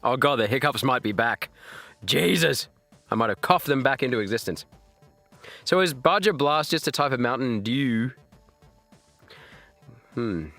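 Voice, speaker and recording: A man's voice: mid-range voice, moderate pace, pauses often, no room sound, faint music behind. A man in his thirties chatting casually on a live stream, laughing and exclaiming at chat while fighting hiccups. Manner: animated, laughing, reacting to chat with loud exclamations.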